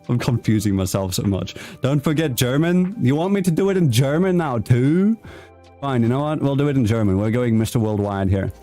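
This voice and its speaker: A man's voice: mid-range voice, animated, a little fast, dark tone, faint music behind. A man hosting a casual interview show. He stumbles over his words, corrects himself and laughs at his own slips. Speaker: show host.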